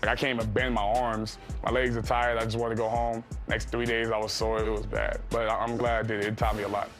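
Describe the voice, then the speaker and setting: A man's voice: fairly low pitch, flat delivery, quick pace, music in the background. A young man, a football player, talking about trash talk in interview clips, laid-back and boastful. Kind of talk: interview sound bites.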